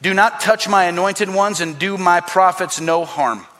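Bright, high-voiced preaching man. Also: unhurried. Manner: emphatic, repetitive preaching with acted-out quotes. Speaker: pastor. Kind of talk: sermon.

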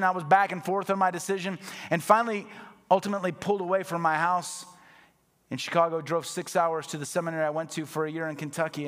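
A man's voice: on the high side, a bit bright. Impassioned male pastor in a reverberant hall. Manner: impassioned, building to emphatic peaks. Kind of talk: sermon.

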